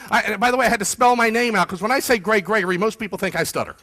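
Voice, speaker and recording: Upbeat keynote guy, high bright voice, fast and punchy, keeps asking the crowd stuff. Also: slight background noise. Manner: energetic, fast, quizzes the audience. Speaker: keynote speaker. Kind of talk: motivational keynote talk. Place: conference room with audience.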